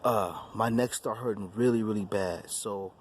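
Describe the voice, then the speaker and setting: A man's voice: lowish voice, normal speed, slight background noise. A man hosting his own channel, telling a personal testimony story in an emphatic, repetitive way. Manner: repetitive, emphatic, restarts phrases. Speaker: YouTube channel host.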